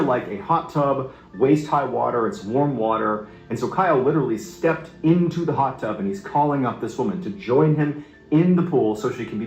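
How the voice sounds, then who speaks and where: A man tells a dramatic true story in a loose, conversational way, his pitch swinging widely as he builds suspense. His voice rings in a roomy, echoey space with faint music behind him. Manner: animated, building suspense, casual asides. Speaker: storytelling narrator. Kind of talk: unscripted true-story narration.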